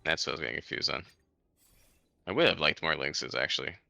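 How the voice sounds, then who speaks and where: A man's voice: rumbling low, expressive, fast talker, gravelly, pushed and bright, dry recording. A young man in easygoing, chatty conversation, talking freely with fillers. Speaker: podcast co-host. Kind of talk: unscripted casual chat.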